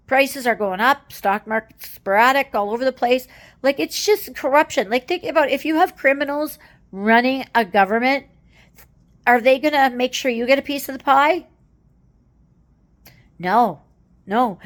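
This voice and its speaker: A woman from Canada giving casual political commentary, exasperated and rambling, with many fillers and tag questions. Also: on the high side.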